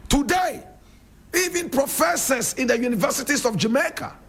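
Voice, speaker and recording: A man's voice: very high-pitched, lively intonation, normal speed, fairly bright tone. A Ghanaian man with a Ghanaian English accent giving a fiery, preachy radio monologue and calling his listeners brother and sister. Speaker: radio show host.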